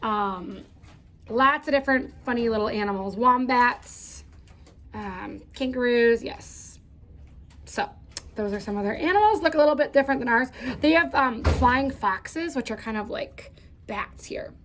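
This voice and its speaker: Woman, teacher, casual kids' lesson, chatty, slightly high voice. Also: lively intonation, unhurried, fairly bright tone. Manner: chatty, many fillers, addresses children. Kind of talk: casual classroom lesson for kids.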